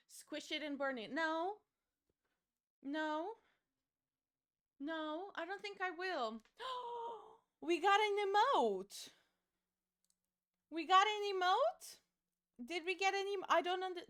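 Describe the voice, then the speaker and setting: A young woman chats loosely with her stream audience as she plays, reading messages aloud between giggles and swear words. Her voice sits high and sounds bright and forceful. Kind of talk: casual chat with stream chat while gaming.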